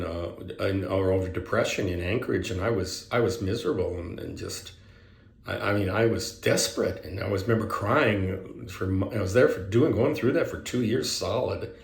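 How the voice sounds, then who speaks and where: A man sharing a personal spiritual story in a halting, reflective way, often restarting his sentences. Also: lowish voice, creaky, reverberant. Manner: halting, hesitant, many restarts and fillers. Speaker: author sharing spiritual experience.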